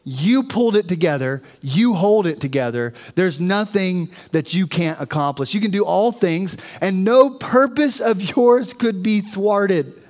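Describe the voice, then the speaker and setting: A man voicing Job, humbled and slowly confessing to God. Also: high voice, expressive, darkish tone. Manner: slow, earnest, humbled confession. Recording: long reverb of a church hall.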